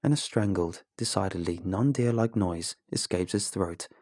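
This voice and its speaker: A man narrating a first-person horror story in a measured, grim manner. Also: sits low, darkish tone, dry recording, studio quality. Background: background music.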